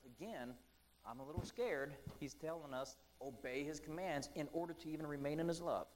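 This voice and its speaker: Man, sermon, casual and chatty, lots of ums and asides, slightly high voice. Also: low-quality recording. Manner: slows down to read scripture aloud. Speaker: preacher. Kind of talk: conversational sermon.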